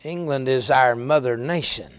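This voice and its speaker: A man's voice: medium pitch, moderate pace, clear, resonant tone, no echo. A middle-aged man with a Southern American accent, preaching a sermon in a folksy storytelling way. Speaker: pastor.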